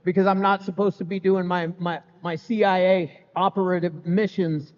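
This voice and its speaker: A middle-aged man with a fairly high voice gives a candid, joking testimony to a live crowd, speaking loosely and conversationally. His voice rings out in a long hall reverb, and the sound is a bit muffled. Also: steady tone, normal speed. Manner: candid, humorous, conversational, peppered with "man" and "you know". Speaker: speaker sharing his recovery story. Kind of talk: live recovery testimony to an audience. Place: event hall with live audience.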